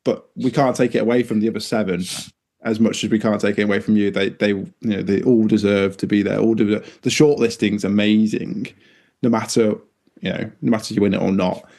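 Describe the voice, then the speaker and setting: Podcast host guy, a bit of gravel in the voice, piles up questions. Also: fairly low pitch, steady tone, a little fast, darkish tone. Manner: encouraging, stacks several questions together. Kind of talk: casual interview chat.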